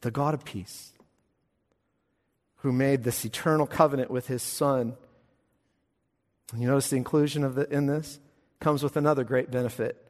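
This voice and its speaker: A man preaching a sermon as pastor, emphatic, swinging between hushed lines and loud, ringing ones. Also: mid-range voice, fairly even intonation, moderate pace, pauses often. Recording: long hall reverb.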